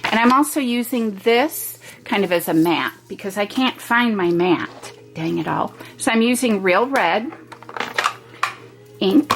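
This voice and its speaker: A woman's voice: medium pitch, takes it slowly, slight background noise, poor audio. A woman hosting a home craft video, talking through a stamping project step by step with chatty, homey asides. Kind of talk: casual step-by-step craft demo.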